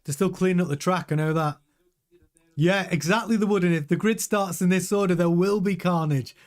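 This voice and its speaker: A man hosting a live watch-along, commenting casually and excitably while answering viewers' chat. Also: high voice, brisk.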